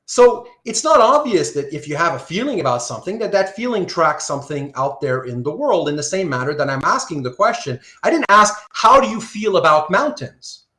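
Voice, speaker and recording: A man's voice: on the high side, very animated, a little fast, few pauses, pushed and bright, echoey room. A man teaching a philosophy class online, talking casually, reading out student comments and checking in with "right?" after nearly every point. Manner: conversational, asks "right?" often, reads student comments aloud. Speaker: philosophy lecturer. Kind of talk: live online lecture. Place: Surrey, Canada.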